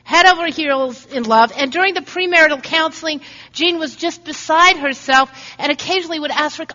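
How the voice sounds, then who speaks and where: A woman preacher tells a story in an earnest sermon, slipping into the voices of its people. Her voice is high and bright. The recording is muffled and rings with a long hall echo. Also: brisk. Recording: dull recording in a reverberant hall.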